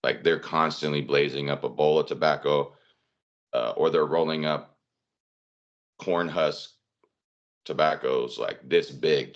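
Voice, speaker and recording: Man, extremely low voice, casual rambling storytelling, dull lo-fi recording. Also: steady tone, measured pace, long pauses. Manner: rambling, many fillers, laughs through stories.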